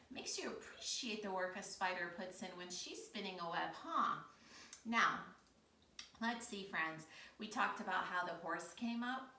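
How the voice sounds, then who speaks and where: In an echoey room, far from the microphone, an American woman guides children through storytime yoga with upbeat encouragement and playful animal noises. Her voice is medium in pitch, pushed and bright.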